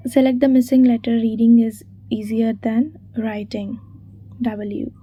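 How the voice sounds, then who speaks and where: A woman's voice: a little high, level tone, measured pace, slightly rough, no room sound, muffled recording. A woman reading exam quiz questions and answers aloud, spelling words out letter by letter. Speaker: exam revision narrator.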